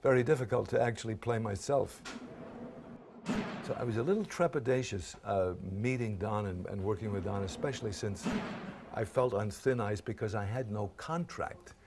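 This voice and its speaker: An older man from Brooklyn, an actor being interviewed, telling lively anecdotes and acting out the lines he quotes. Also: on the low side, normal speed, vocal fry, background noise. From Brooklyn, New York. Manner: lively storyteller who acts out quoted lines.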